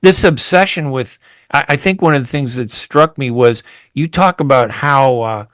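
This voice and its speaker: A man hosts a radio interview from the studio, rambling in a chatty way and often restarting his sentences. His voice sits at an ordinary middle pitch. The sound is close and dry, with no room behind it. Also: moderate pace, a bit bright, no room sound. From United States. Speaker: radio host.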